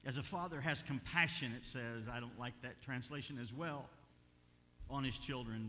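An older man preaching a sermon as pastor, animated, moving between quiet asides and loud urging. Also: mid-range voice, in a large hall, slight background noise.

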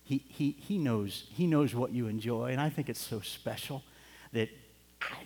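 A man's voice: on the high side, a little fast, mellow. A middle-aged man preaching a sermon, telling a personal story in an earnest way and building to fervent urging. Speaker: pastor. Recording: long hall reverb.

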